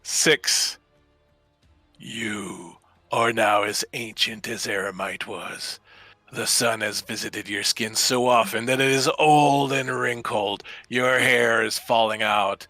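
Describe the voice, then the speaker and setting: A man's voice: mid-range voice, sharp tone, no echo. A man narrating a tabletop game as game master, telling the story in a descriptive, dramatic way over a video call.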